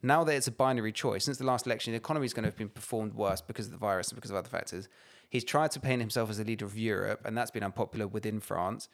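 A man's voice: on the low side, steady tone, rapid-fire, few pauses. A man co-hosting a podcast, talking politics in a heated, emphatic way and swearing freely. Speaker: podcast co-host. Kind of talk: casual political chat.

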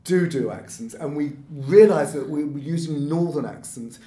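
A man's voice: fairly high pitch, moderate pace, dark tone. Self-deprecating chatty man, echoey room. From not from Birmingham, lives there. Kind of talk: casual podcast conversation.

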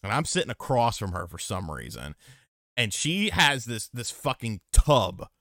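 Bright, lively, foul-mouthed man telling stories. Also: fairly low pitch, measured pace, gravelly, no room sound, studio quality. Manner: profane, animated storytelling. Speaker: podcast co-host. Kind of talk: casual chat.

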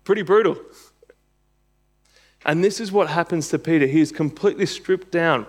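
A man's voice: on the high side, normal speed. Emphatic, earnest male preacher. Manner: earnest, emphatic, builds to bursts of intensity. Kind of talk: sermon with scripture reading.

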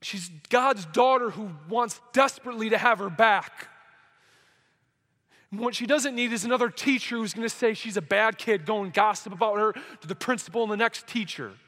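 A man's voice: sits high, moderate pace, fairly bright tone. A young man preaching a sermon, telling a story with emotion and acting out quoted dialogue. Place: church service hall. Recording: hall reverb.

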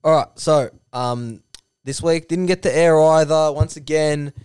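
A man's voice: on the high side, a little slow, darkish tone, clear, resonant tone, no echo. A man telling a comic story in casual podcast chat, rambling with lots of fillers. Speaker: podcast co-host.

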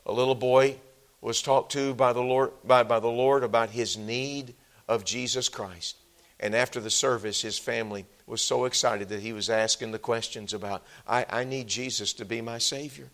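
A man preaches a sermon to a church congregation. His voice sits at an ordinary middle pitch. He builds to loud, emphatic swells and then falls back to a low, quiet delivery. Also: normal speed. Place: church sanctuary.

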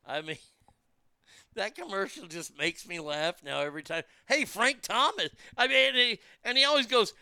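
A man's voice: high voice, expressive, a little slow, pauses often, sharp tone, smooth, dry recording. A man delivering a profane, mocking comedic rant, stumbling over restarts as he tells the story.

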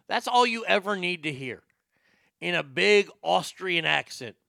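A man's voice: sits high, lively intonation, unhurried, vocal fry, sharp tone, no echo. An older man giving heated, profane and sarcastic political commentary.

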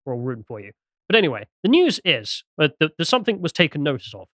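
A man co-hosting a political podcast, presenting a news item in a quick, sardonic way and reading out posts with asides. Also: a little high, big pitch swings, a bit bright, no echo, studio quality. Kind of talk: casual political podcast chat.

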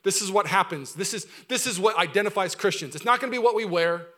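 A man preaching a sermon as pastor, energetic, swinging from loud urgent preaching to quiet, close asides. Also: high voice, fast talker.

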